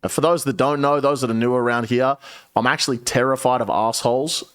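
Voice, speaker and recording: A man streaming and telling a long story to his chat, casual and profane, with lively shifts into the voices of the people he quotes. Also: brisk, clear, resonant tone. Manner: animated, profane, swings pitch when quoting people.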